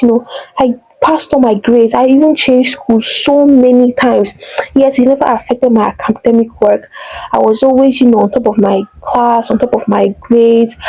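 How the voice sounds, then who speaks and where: A young Nigerian woman vlogging about her own life, her voice a little higher than most and mellow rather than bright. She rambles and exclaims, piling on fillers as she talks straight to the camera. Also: dry recording, poor audio. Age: young adult. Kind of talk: personal vlog confession.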